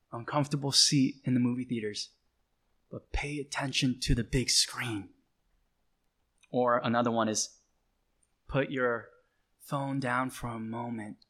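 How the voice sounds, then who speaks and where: A male pastor delivering a sermon, repeating key phrases slowly and with emphasis. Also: medium pitch, fairly bright tone.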